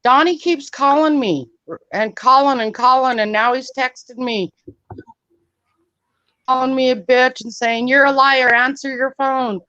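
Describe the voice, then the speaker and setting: A woman's voice: high voice, a little slow, bright, forceful tone, dry recording. A woman calling into a live stream, upset and swearing, then apologizing for it. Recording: dry, muffled lo-fi call audio.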